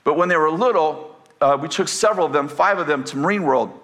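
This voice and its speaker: Quick-paced and a bit bright, this older man's voice sits on the high side as he preaches. He wanders through a family story with many fillers and false starts before building to emphatic, rising declarations.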